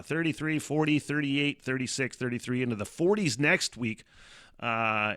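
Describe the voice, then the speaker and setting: A man chats alone on his podcast in a loose, rambling way, swearing freely and breaking into laughter. His voice sounds bright and forward, and his pitch sits in a middling range. He often sighs and grumbles in exasperation. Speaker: podcast host. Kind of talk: casual solo podcast chat.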